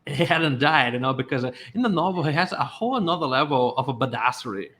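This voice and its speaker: A man speaks in a medium-pitched voice, pausing often on filler sounds as he talks. He chats casually as a guest on a podcast. His voice sits in an ordinary middle range. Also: animated, a bit bright. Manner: hesitant, many filler sounds. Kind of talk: casual chat.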